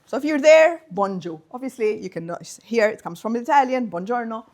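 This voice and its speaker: Woman guest speaker, animated seminar talk, leads the room through words. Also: on the high side, moderate pace. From Malta. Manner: playful, drilling the audience in phrases.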